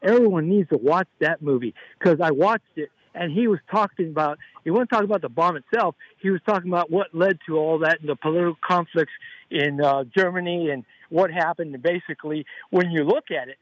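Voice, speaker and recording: A male caller on a radio phone-in who rambles on in long, earnest run-on stretches. His voice is a little high for a man, with a close, dry sound. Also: a little fast, no echo, low-quality recording. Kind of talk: phone-in call to radio show.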